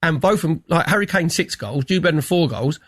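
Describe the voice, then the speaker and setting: A man's voice: a little high, lively intonation, fast, fairly bright tone, dry recording. A man talking football on a radio panel in a studio, chatty and enthusiastic as he breaks down plays. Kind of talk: animated football analysis.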